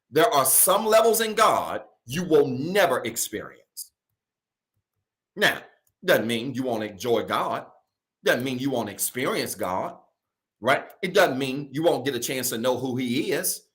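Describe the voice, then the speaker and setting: A male pastor preaching a sermon to a virtual congregation from home, colloquial, often calling his listeners y'all, slowing down to stress key phrases and rushing through asides. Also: medium pitch, expressive, fairly bright tone. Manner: preaching with slow emphatic stretches and quick asides.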